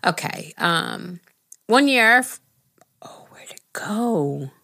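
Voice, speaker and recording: A young woman with a Long Island accent chats away as a podcast co-host. She is giggly and loose, often talking over her friend, and her voice sits at an ordinary middle pitch. The sound is close and dry. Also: lively intonation, takes it slowly, creaky, pushed and bright, no echo. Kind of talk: casual chat.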